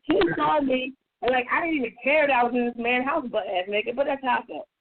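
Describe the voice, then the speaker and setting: A woman on a radio talk show telling a personal story in a casual, profane, animated way. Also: quick pace, background noise. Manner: animated, profane, acts out quotes in a higher voice. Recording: tinny phone-like radio audio.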